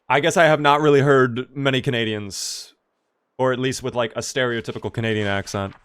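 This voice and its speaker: This Maryland gamer, from the US East Coast, has a clear, resonant mid-range voice that is fairly bright and fairly even in intonation, delivered a little fast. He chats casually during a live game stream and answers questions from his viewers.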